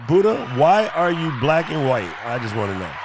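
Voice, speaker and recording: A man's voice: on the high side, very animated, measured pace, noisy background. A man hosting a live video stream, joking and bantering with his chat. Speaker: livestream host. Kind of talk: casual livestream chat.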